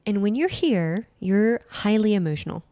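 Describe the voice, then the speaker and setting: A woman talks through an idea step by step in a relaxed podcast chat, circling back to repeat the key phrases. Her voice sits at a medium pitch and sounds close and dry, with no room in it. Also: moderate pace, no room sound. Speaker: podcast co-host and nutritional therapist. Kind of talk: casual explanatory podcast chat.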